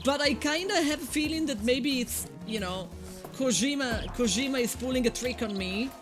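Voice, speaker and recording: A woman's voice: high voice, moderate pace, music in the background. A woman with an Italian accent giving chatty live gameplay commentary, joking with her viewers. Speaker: live streamer.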